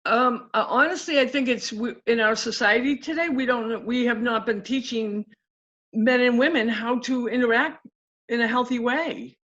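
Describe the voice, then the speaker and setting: A woman coach in an interview, telling stories with lively acted-out quotes in casual talk. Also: a little high, moderate pace. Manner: animated, acts out quotes in story. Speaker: guest coach. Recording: dull lo-fi audio.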